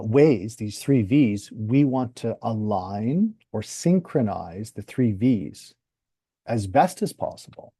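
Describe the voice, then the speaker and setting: A man teaching a workshop as a communication coach, calm and measured, acting out sample phrases. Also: on the low side, slightly rough, no echo, clean studio sound.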